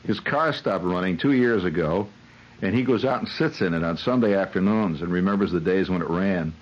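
A man's voice: deep voice, a little fast, a little hiss or hum, low-quality recording. A man who hosts on the radio, telling a rambling, wry comic monologue full of digressions and hesitations. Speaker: radio host.

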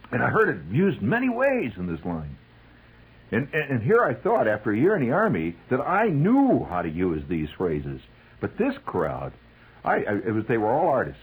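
A man telling a comic, wry story about army life, acting out the shouted calls. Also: fairly low pitch, breathy edge, poor audio.

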